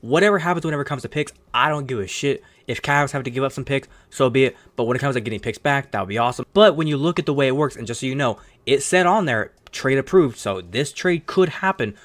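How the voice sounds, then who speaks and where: A man's voice: medium pitch, lively intonation. A man hosting his own sports channel, giving rambling, opinionated commentary in a casual tone and swearing now and then. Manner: fast rambling opinionated talk with some cursing.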